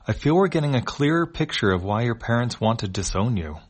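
A man's voice: medium pitch, expressive, fairly quick, slightly rough, voice pushed up. A man voicing a condescending worm-like alien in a read-aloud comic, mock-polite and needling. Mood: smug.

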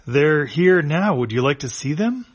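A man voicing a polite alien receptionist behind a lobby desk, answering in a smooth, businesslike way. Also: on the high side, expressive, unhurried, highs cut off, voice pushed up.

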